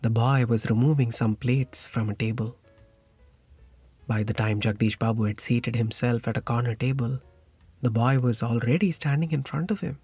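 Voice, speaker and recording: A man narrating a short story in a measured, reflective way. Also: mid-range voice, darkish tone, slightly rough, no echo. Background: faint music.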